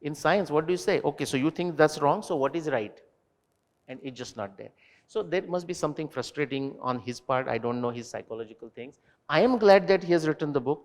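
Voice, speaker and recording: A man answering student questions at a university talk, animated and digressive, turning to quiz the audience directly. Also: fairly high pitch, long reverb tail. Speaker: invited speaker. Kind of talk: lecture Q&A with students. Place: university lecture hall.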